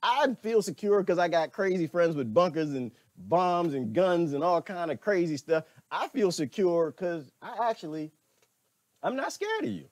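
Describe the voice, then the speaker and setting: Animated man ranting on a livestream. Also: high voice, normal speed, no room sound. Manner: animated, laughing, talks back to chat comments. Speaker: livestream host. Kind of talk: casual livestream rant.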